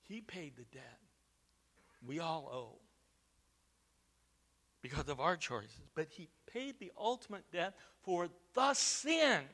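Male preacher, high, very bright tone, emphatic sermon delivery. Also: animated, slow, pauses often. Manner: emphatic, rising to loud stresses, repeats words.

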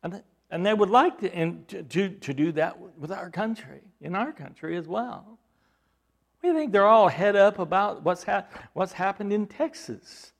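A man preaching a sermon, asking the congregation rhetorical questions and swinging from loud emphasis to hushed, low delivery. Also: lively intonation, normal speed, gravelly. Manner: repeats words and restarts, rhetorical questions. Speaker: pastor.

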